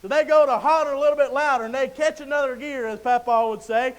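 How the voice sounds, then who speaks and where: A man preaching a sermon in a folksy storytelling way, acting out Bible scenes and building to loud emphatic peaks. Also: very high-pitched, quick pace, few pauses.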